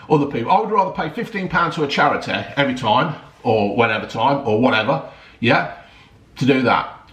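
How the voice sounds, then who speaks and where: A man's voice: mid-range voice, fairly bright tone, reverberant. A middle-aged man, ranting heatedly about football, swearing often and rambling with lots of "right?" and "yeah?". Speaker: football vlogger. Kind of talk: ranting vlog.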